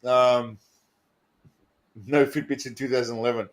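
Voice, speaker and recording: A man's voice: medium pitch, flat delivery, measured pace. A man hosting a casual comedy stream, crude and mocking, laughing often and talking to his chat. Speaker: stream host.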